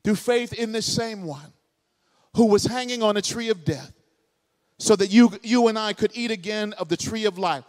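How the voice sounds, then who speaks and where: A man preaches with fervor from the pulpit, his voice pitched strikingly high for a man. He fires off rhetorical questions and climbs into shouts. A long reverb from the church hall trails each phrase. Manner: impassioned, builds to shouting, rapid rhetorical questions. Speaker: pastor. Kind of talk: sermon. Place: church sanctuary, live congregation.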